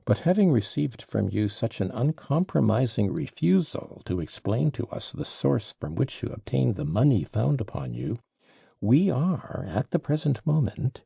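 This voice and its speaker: A man's voice: mid-range voice, very animated, normal speed, gravelly, warm tone, husky, no echo, studio quality, pitched above the performer's own voice, full character voice. A man voicing a courteous, formal magistrate.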